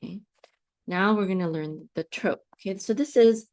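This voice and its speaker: A woman teaching a slow, patient lesson on reading Bible Hebrew, often stopping to check in with her listeners and restarting her phrases. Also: mid-range voice, mellow, highs cut off.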